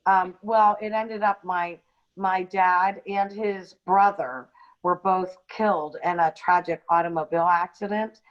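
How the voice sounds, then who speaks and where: A woman co-hosting a podcast, telling a personal story in an unscripted, halting way with frequent ums and restarts. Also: fairly low pitch, fairly even intonation. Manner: hesitant, many ums and restarts. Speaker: podcast co-host. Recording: dull lo-fi audio.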